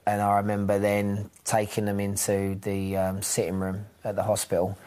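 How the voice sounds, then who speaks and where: A man speaks in a documentary interview in a low, even voice. He talks slowly and reflectively, pausing and restarting often. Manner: halting, with frequent ums and restarts.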